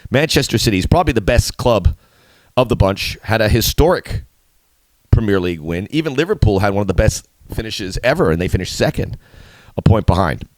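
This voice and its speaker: A middle-aged man with a fairly low voice hosts a soccer preview, his pitch swinging widely as he bounces through the topics. He is playful and animated, and his punchy lines leap upward. The sound is dry and close. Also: fairly quick, dry recording. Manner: animated, playful, with sudden emphatic jumps. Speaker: soccer show host. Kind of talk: solo video commentary.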